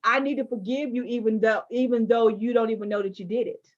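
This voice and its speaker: A woman interviewing a guest, telling personal stories in an animated, emphatic way with playful asides. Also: fairly high pitch, quick pace, highs cut off. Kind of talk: candid conversational interview.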